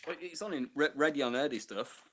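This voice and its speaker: A man's voice: a little high, a little fast, no room sound, studio quality. A man calling in to a quiz stream who is flustered and keeps apologizing. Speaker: caller to the quiz. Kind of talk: casual chat.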